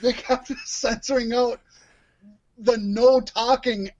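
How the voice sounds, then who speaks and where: A man's voice: very high-pitched, slow pace, lo-fi sound. A man co-hosting a podcast, chatting casually and animatedly, laughing as he talks. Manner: animated, laughs while talking. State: coughing. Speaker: podcast co-host. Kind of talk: casual chat.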